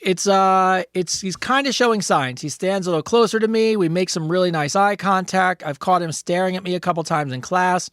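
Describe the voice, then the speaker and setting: High-voiced man hosting a chat show. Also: a little fast, few pauses, fairly bright tone, clear, resonant tone, dry recording, clean studio sound. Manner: playful, rambling, reads listener letters aloud. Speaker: podcast co-host. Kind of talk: casual chat.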